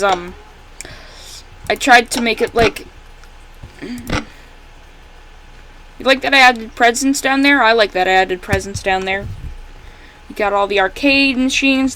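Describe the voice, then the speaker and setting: A woman giving casual, rambling commentary while playing a fan game she made, correcting herself often and breaking into excited outbursts at the characters. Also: on the high side, slow, long pauses, rough recording. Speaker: fan game creator playing her own game.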